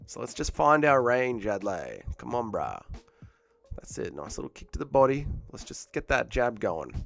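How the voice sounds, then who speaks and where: A man's voice: medium pitch, wildly swooping pitch, normal speed, gravelly, soft background music. A man, hosting a casual fight watch-along stream and joking crudely as he reads chat aloud. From Australia. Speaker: livestream host.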